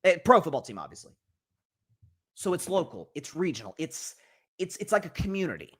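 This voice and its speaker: A man's voice: a little high, sing-song, a little fast, fairly bright tone, slightly rough. A man hosting a college football reaction show, talking in a rambling, conversational way with many restarts and asides. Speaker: sports show host.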